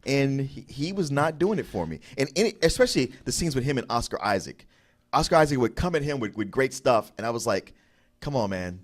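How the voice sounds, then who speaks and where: A man's voice: medium pitch, expressive. A man co-hosting a film review show, laying out a reasoned critique in casual talk. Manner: reasoned, measured critique with some hesitations. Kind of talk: casual movie review banter.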